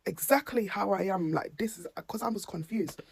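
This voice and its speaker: With a medium-pitched, gravelly, slightly rough voice in a dry recording, an English SEN mum tells her own story to camera at a moderate pace. She recounts the incident animatedly, performing each side of the conversation.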